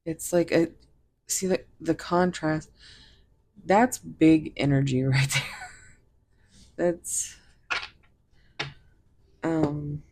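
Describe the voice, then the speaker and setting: A woman's voice: low voice, flat delivery, extremely slow, long pauses, darkish tone, slight background noise. A woman giving a casual tarot reading to viewers, rambling and giggling as she talks to them directly. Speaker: tarot reader.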